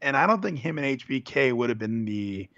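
A man's voice: mid-range voice, animated, fairly quick, a bit bright. Earnest male wrestling fan, dull sound. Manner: earnest fan, reels off facts, self-correcting. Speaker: podcast co-host. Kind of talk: casual wrestling chat.

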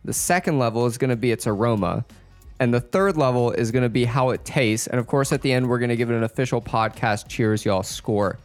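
A man's voice: mid-range voice, brisk, faint music behind. A man hosting a podcast in a studio, upbeat and joking as he runs the show. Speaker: podcast host. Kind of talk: casual chat.

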